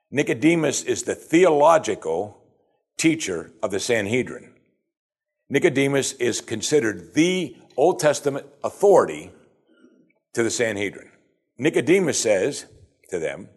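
A man's voice: mid-range voice, breathy edge. A man preaching a sermon in a conversational way, acting out the people he quotes. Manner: conversational, acts out quoted speakers. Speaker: preacher teaching from scripture.

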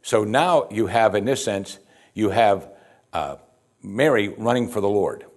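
A man's voice: on the low side, expressive, measured pace. A man preaching a sermon, reading scripture and explaining it with rhetorical questions and repeated "you see". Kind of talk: sermon, verse-by-verse Bible teaching.

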